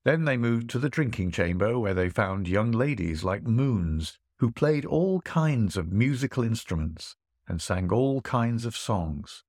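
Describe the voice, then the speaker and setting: Expressive male storyteller, dry close sound. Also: on the low side, no room sound. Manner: measured, expressive reading. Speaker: narrator. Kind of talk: audiobook storytelling.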